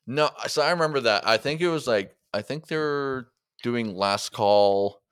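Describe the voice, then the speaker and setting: Smooth-voiced man telling a story. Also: medium pitch, moderate pace, a bit bright, dry recording, clean studio sound. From Canada. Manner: rambling, filler-heavy storytelling. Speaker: guest comedian. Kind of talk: casual storytelling chat.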